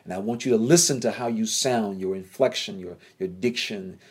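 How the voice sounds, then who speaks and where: Quiet measured older mentor , voiced by a Southern man, instructive, low-key. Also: breathy edge.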